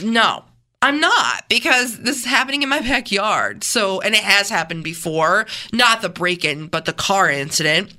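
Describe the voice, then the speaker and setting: Emphatic, bright-voiced woman. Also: mid-range voice, moderate pace. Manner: animated, emphatic and earnest. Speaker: co-host of a morning radio show. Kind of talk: casual radio chat. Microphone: studio microphone.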